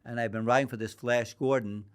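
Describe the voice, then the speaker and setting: A man's voice: medium pitch, steady tone, fairly quick, smooth. An older man from New York, a guest in a podcast interview, telling long rambling anecdotes and acting out the dialogue. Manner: rambling anecdotal storyteller, acts out quoted dialogue. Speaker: guest, boxing historian.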